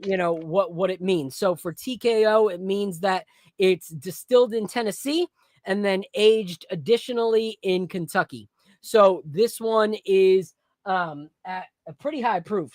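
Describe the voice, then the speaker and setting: Podcast host, blunt slangy talk, animated, mid pitch, dry close sound. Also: no room sound. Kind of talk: casual sports and whiskey chat.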